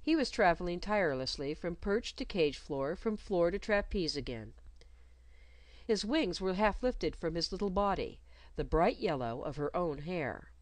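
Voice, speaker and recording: Expressive woman story narrator, lively pitch. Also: dry recording. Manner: expressive, measured reading.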